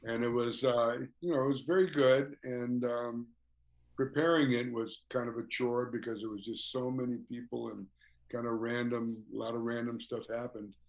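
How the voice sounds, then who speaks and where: A man's voice: mid-range voice, fairly even intonation, normal speed. An older man, a musician guest in a casual interview, telling stories with frequent chuckles and "you know" fillers.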